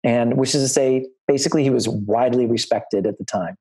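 A man's voice: mid-range voice, a little fast, darkish tone, slightly rough, low-quality recording. Middle-aged man sharing set stories over a video call, loose and rambling. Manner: anecdotal and rambling, with many restarts. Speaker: line producer giving career advice. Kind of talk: talk to film students on a video call.

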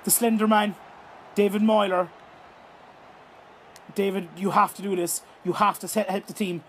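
A young Irish man with a high-pitched voice calls a football video game as he plays it. His commentary is excitable, full of swearing and outbursts at the screen. A faint hiss of background noise sits under his voice. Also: moderate pace. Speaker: gaming YouTuber. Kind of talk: live gameplay commentary.

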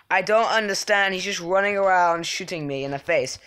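A young man chatting through a live game stream, his slightly high, bright voice carrying easily. He mumbles asides to himself, then flares into loud, exasperated protests whenever other players catch him out. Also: normal speed, hardly any pauses, smooth. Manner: excitable, swings from mumbling to yelling in frustration. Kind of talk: casual live game commentary.

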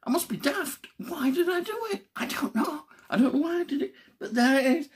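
A man chats away in a loose, rambling monologue. His voice swings up and down with animated pitch. He keeps exclaiming and poking fun at himself. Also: a little fast. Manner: exclamatory, self-mocking, chatty dialect talk. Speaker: vlogger. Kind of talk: casual rambling monologue to camera.

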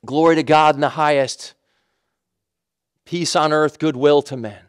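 A man's voice: on the high side, steady tone, unhurried, clean tone, dry recording, clean studio sound. A man preaching a sermon in a conversational way, with emphatic repetition and frequent self-corrections. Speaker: pastor.

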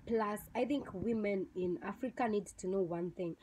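Young kenyan woman vlogging, blunt and scornful, mid pitch, faint noise behind. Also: moderate pace, mellow, poor audio. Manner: blunt, scornful, slips into Swahili slang. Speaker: vlogger reviewing a TV show. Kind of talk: casual opinionated review.

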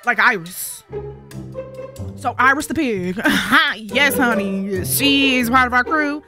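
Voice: medium pitch, animated, takes it slowly, music in the background. A young adult gaming YouTuber giving casual gameplay commentary, sassy and rambling, full of profane trash talk.

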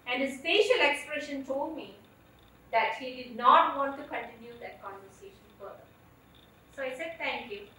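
A woman telling a personal story on stage in an earnest, emotional way, with deliberate phrasing, picked up from a distance. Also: high voice, animated, pushed and bright, slight background noise. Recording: echoey stage from far off.

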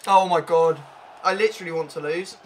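A young man commentating his own football video game matches, excitable and swinging from frustrated groans to loud cheering. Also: on the high side, fairly quick. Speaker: gaming YouTuber. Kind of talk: live gameplay commentary.

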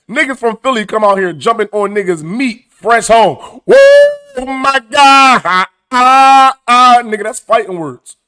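A man hosting a comedic news commentary show, animated, profane and mocking as he reacts to clips. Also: sits high.

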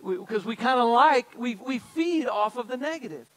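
Male pastor, very high voice, conversational sermon style, speaks straight to the congregation and repeats key lines. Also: animated, moderate pace, fairly bright tone, low-quality recording. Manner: addresses congregation directly, repeats key phrases. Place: church sanctuary.

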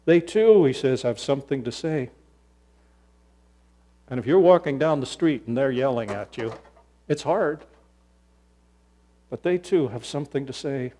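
Slow-spoken pastor, storytelling. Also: male voice, mid-range voice. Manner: storytelling, animated, acts out voices. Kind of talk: sermon.

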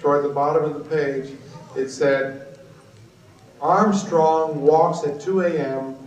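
A man giving an animated, blunt storytelling speech at a book conference. He swings from low asides to loud shouted outbursts. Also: slow, far from the mic, highs cut off. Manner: blunt and profane. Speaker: guest speaker at a book conference. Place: conference hall. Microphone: PA system taped from the audience on a cassette recorder. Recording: echoey hall, taped from the audience on cassette.

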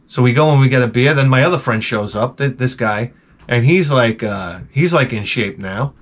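A middle-aged man, rambling through a casual vlog story. His delivery is profane and sarcastic, with plenty of restarts, and his pitch sits in an ordinary middle range. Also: normal speed. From Long Island, New York. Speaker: vlogger.

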